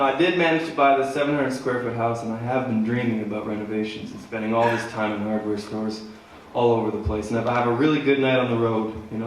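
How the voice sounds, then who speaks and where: A man from Manitoba telling a story between songs at a live concert, with laid-back, deadpan humor. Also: mid-range voice, slight background noise. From Manitoba, Canada. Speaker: singer-songwriter. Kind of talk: stage banter storytelling at a concert. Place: theater stage, live. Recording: echoey theater from far off with faint guitar.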